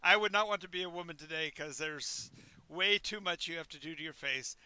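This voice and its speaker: A man's voice: fairly high pitch, fairly quick, crowd noise. A man narrating a tabletop game as game master, rambling into asides and stumbling over repeated words.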